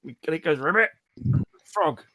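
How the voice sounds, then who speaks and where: Lively man running a tabletop game. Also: medium pitch, fairly quick. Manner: playful, doing character voices. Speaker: dungeon master. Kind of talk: live-streamed tabletop game narration.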